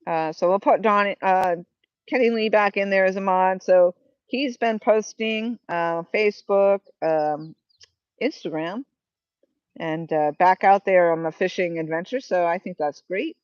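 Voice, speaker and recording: A woman's voice: mid-range voice, unhurried, no room sound. Woman host, casual rambling live-stream chat, dry muffled headset sound. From New Hampshire, New England. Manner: rambling, chatty, reads viewer comments aloud. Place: outdoors by the water. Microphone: Bluetooth headset.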